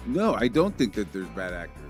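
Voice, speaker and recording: Combative, swearing man with a lively, swinging voice over faint music. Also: on the low side, a little fast. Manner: profane, combative, dismissive. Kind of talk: heated online argument.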